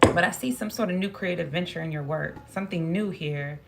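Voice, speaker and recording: A tarot reader gives a spoken reading in a fairly low voice with vocal fry, talking a little fast over a very noisy recording. She muses aloud, repeats phrases, and talks to herself as she draws cards, becoming emotional at moments.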